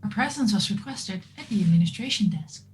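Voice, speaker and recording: A woman's voice: mid-range voice, animated, fairly quick, a little mellow, faint music behind. A woman with a lisp who is not a native English speaker, chatting and joking as a player in a tabletop game. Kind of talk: casual game chat.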